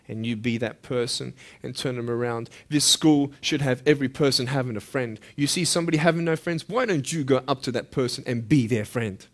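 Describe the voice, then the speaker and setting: A man giving a motivational speech to a school audience, impassioned, firing rhetorical questions and swinging between loud urging and hushed intensity. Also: mid-range voice, fairly quick, hardly any pauses. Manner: direct rhetorical questions to listeners. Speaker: motivational speaker.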